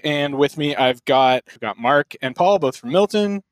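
A young adult man hosting a casual podcast from a hotel room, relaxed and rambling, with plenty of fillers. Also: fairly high pitch, normal speed, hardly any pauses, dry recording. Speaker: podcast host.

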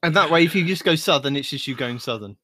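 A man's voice: on the high side, lively intonation, quick pace, crowd noise. A British man hosting a casual podcast, bantering playfully with his co-hosts. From Britain. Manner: playful, jokes in silly voices, bantering. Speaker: podcast host.

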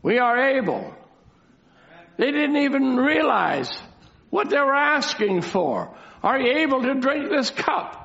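A man's voice: very high-pitched, very animated, takes it slowly, vocal fry, pushed and bright. A man preaching a sermon, asking rhetorical questions and repeating key lines for emphasis. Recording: dull lo-fi recording.

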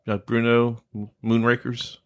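A man's voice: mid-range voice, completely flat delivery, unhurried, fairly bright tone. A man, a podcast guest telling stories in casual chat. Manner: easygoing storytelling.

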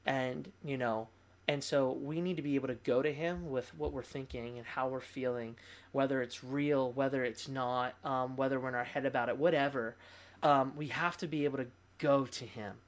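A young adult pastor tells a personal story in a candid, conversational way, full of fillers, asides and quick laughs. His voice sits in an ordinary middle pitch for a man, and he talks to the people in the room rather than preaching at them. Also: steady tone. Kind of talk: conversational testimony.

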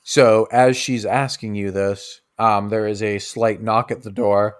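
A man's voice: on the low side, little pitch movement, a little slow, clear, resonant tone. A man narrating a tabletop game as game master, casual and rambling, with plenty of fillers.

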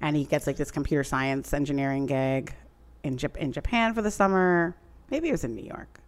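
A woman with a deep voice talks briskly while recapping a TV show as a podcast co-host. She rambles through a long, animated story in casual chat, packed with fillers like "like."

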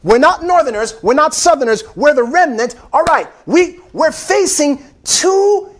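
With an unusually high voice and real fervor, a male pastor delivers his sermon at a measured pace, animated throughout. He repeats phrases for emphasis and repeatedly addresses the congregation as beloved.

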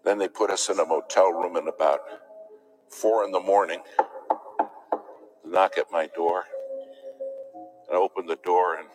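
A man preaching a sermon in a church, telling a story with dramatic swings between loud emphasis and hushed near-whispers. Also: low voice, fairly even intonation, unhurried, pauses often, music in the background, poor audio.

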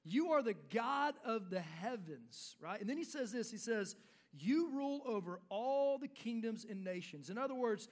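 A man preaching a sermon to young people, reading scripture aloud and then restating it in casual words, with dramatic pauses and a drop to a hush on key lines. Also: high-pitched.

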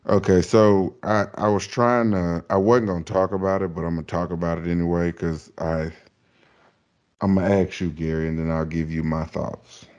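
Male podcast host, very low voice, loose and rambling, keeps circling back to his questions. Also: level tone, normal speed, darkish tone, clear, resonant tone, muffled recording. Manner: rambling, repeats himself, asks leading questions. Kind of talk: casual sports talk.

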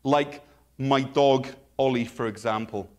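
A man preaching a sermon in a relaxed, joking, conversational way with playful asides. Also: medium pitch, unhurried. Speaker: pastor.

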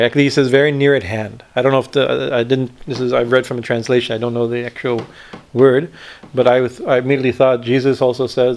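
Male swami teacher, gravelly mid-pitched voice, halting storytelling with fillers. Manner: halting, many fillers and repeated "right?". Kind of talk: spiritual discourse retelling a story.

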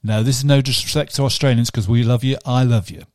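A man's voice: mid-range voice, fairly even intonation, quick pace, darkish tone, no room sound. Chatty man with a dry voice. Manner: rambling, jokey, puts on accents. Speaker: podcast co-host. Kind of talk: casual chat.

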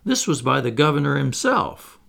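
A man reading the part of a thoughtful young clergyman in a play, measured and guarded. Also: mid-range voice, big pitch swings, creaky, fairly bright tone, full character voice.

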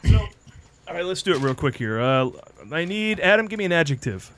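A man's voice: a little high, big pitch swings, brisk, fairly bright tone. A man hosting a movie podcast, chatting casually and running a word game with stumbling restarts. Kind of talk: casual chat.

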